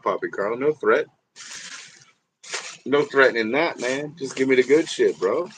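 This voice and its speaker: A man's voice: medium pitch, unhurried, slight background noise. A man hosting a livestream in casual chat, rambling and profane, laughing often and talking straight to his viewers. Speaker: livestream host.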